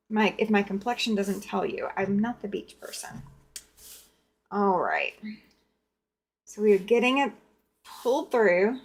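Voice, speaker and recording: A woman's voice: on the high side, slightly rough. A woman hosting a live quilting stream, chatting casually and greeting viewers by name while she sews. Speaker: quilting livestream host.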